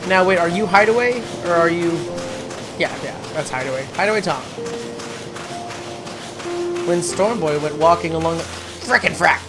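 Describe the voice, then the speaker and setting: A gaming creator playing a story game, reading its text aloud with stumbles and self-corrections and breaking into excited squeals. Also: medium pitch, normal speed, pauses often. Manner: chatty, trips over words while reading and corrects itself; swings to excited squeals when delighted. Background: game music.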